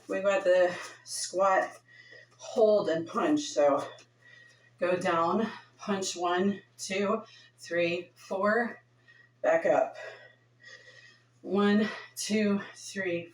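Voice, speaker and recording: Slow-talking winded woman in an echoey room. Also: medium pitch, distant mic, slight background noise. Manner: counts reps aloud, chatty and offhand. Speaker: fitness instructor. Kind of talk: casual workout instruction.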